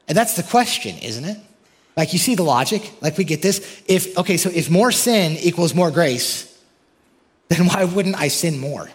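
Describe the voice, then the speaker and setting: A male pastor preaches with lively, animated delivery. He talks straight to his congregation with frequent questions and lifts his voice sharply on quoted verses. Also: fairly high pitch, normal speed, long reverb tail. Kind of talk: sermon.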